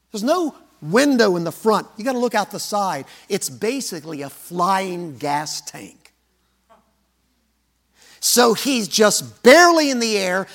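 A male preacher telling a story in a sermon, with a dramatic manner that swings from booming lines to hushed ones.

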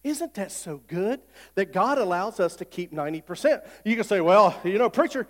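High-voiced preacher in an echoing church. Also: male voice, lively intonation, normal speed. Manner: folksy, repetitive, builds to loud preaching. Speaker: pastor. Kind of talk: sermon. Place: church sanctuary. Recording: long hall reverb.

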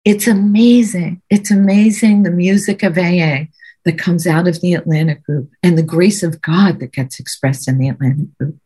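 A woman's voice: on the low side, normal speed, warm tone, breathy edge. A middle-aged woman giving an earnest, conversational recovery talk over a video call, often repeating words for emphasis. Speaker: guest speaker at a recovery meeting. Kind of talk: personal recovery testimony.

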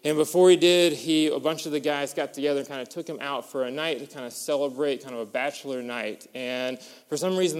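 A man preaches from the pulpit, his fairly high voice smooth and resonant. He tells stories with animated energy, climbing to excited peaks. A long reverb trails his words through the sanctuary. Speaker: pastor. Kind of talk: sermon with storytelling.

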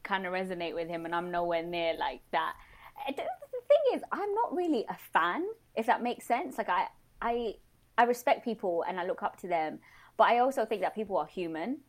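A woman chatting as a podcast guest, animated and quick to laugh. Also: medium pitch. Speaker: podcast guest, blog founder. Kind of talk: casual podcast chat.

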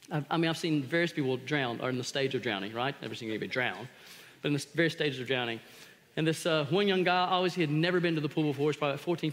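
A man preaching a sermon as pastor, telling stories animatedly and shouting out re-enactments. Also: fairly high pitch. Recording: long hall reverb.

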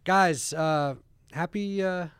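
A man hosting a studio podcast in a rambling, self-deprecating way. His voice sits a little high for a man. The room is dry and close. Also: slow, fairly bright tone, clean tone, no room sound. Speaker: podcast host. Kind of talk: casual studio chat.

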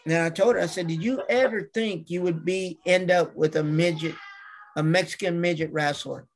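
A man's voice: sits high, steady tone, moderate pace, a little hiss or hum. A middle-aged man, a guest on an interview, telling casual anecdotes and acting out other people's lines. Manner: acts out the voices of people in his stories. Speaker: interview guest, wrestler and manager.

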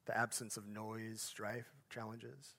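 A male pastor giving a sermon, each phrase swelling up and then dropping off to a soft, hushed finish, with conversational asides and self-corrections along the way. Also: lowish voice, level tone, takes it slowly, vocal fry.

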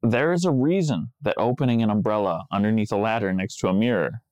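A man's voice: on the low side, fast, a little mellow, smooth, no room sound, highs cut off. A man co-hosting a podcast in casual chat, wry and joking, laughing often. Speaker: podcast co-host.

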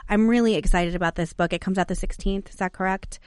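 A woman's voice: medium pitch, steady tone, fast, a little mellow, smooth, dry recording. Chatty woman podcast host, dry sound. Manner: chatty, uses many fillers. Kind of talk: casual interview chat.

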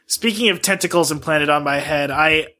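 A man's voice: fairly high pitch, normal speed, bright, forceful tone. A man in casual podcast chat, teasing and laughing often as he jokes around. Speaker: podcast co-host.

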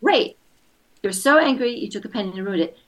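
A woman with a mid-range voice and an even, patient way of explaining. She walks a parent through family-meeting steps and slips into short acted quotes. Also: mid-range voice, normal speed. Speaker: parenting coach. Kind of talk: advice session.

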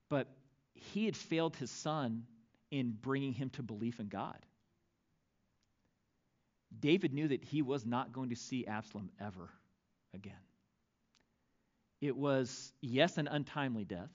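A male pastor preaching a sermon, reading scripture aloud with dramatic, expressive delivery. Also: mid-range voice, lo-fi sound.

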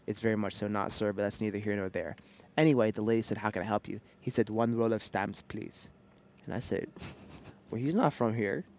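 A man co-hosting a casual podcast from a parked car on a headset, joking and telling stories with animated, playful energy. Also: fairly low pitch, brisk. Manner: playful, jokey, animated storytelling. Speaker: podcast co-host. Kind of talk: casual chat.

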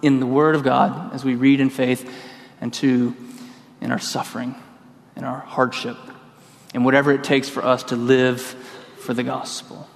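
A man preaching a sermon in a church, telling a lively personal story and acting out the voices in it. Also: mid-range voice, normal speed, creaky, pauses often, long reverb tail. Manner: storytelling, acts out quoted voices. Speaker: pastor.

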